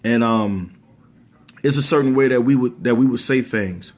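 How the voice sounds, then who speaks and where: Laid-back man musing aloud. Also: mid-range voice. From Baltimore, USA. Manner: relaxed and thoughtful, pausing with frequent ums and restarts. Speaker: channel host. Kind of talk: casual opinion vlog.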